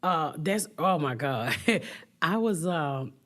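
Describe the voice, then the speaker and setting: A woman's voice: deep voice, slow pace. A woman comedian telling candid stories in an interview, swearing freely and laughing as she goes. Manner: animated, profane, laughs through stories, acts out voices loudly. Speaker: comedian guest.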